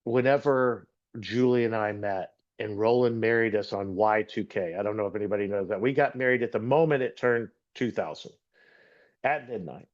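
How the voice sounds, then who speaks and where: A middle-aged man from Texas giving an earnest, halting personal testimony as a guest speaker, often repeating words as he gathers his thoughts. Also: on the low side. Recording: dull lo-fi recording.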